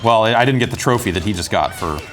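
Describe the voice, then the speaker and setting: A man's voice: lowish voice, expressive, fast, fairly bright tone. A man chatting casually while playing a fighting game, asking questions and cracking jokes. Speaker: video game commentator. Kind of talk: casual gameplay chat. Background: game music.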